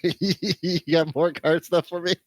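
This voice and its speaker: A man's voice: a little high, slow pace, dry recording. A man co-hosting a movie podcast, casually riffing and tossing out jokes. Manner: joking, riffing with deadpan gags. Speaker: podcast co-host.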